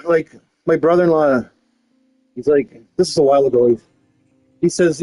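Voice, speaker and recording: A man's voice: fairly high pitch, normal speed, pauses often, warm tone, soft background music, low-quality recording. A man chatting casually while gaming, telling rambling, profane stories full of restarts. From Canada. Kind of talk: casual chat.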